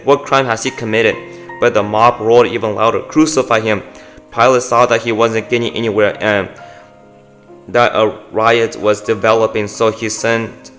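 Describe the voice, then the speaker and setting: A man reads scripture aloud as a devotional, his voice lowish with a fairly bright tone. He often stumbles and corrects himself mid-line, slipping frequently as he goes.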